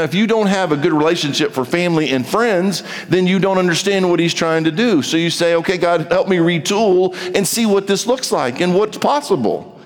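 A man's voice: high voice, big-room sound. A man preaching, reading scripture aloud and explaining it in a plain, conversational way. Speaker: pastor. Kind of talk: sermon.

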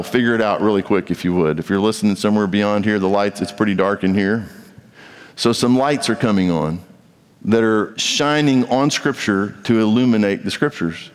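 A man preaching a sermon in a large church sanctuary, his voice trailing off into a long echo. He speaks at a middling pitch and delivers the sermon emphatically, slipping into the voices of imagined speakers. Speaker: pastor. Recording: reverberant hall.

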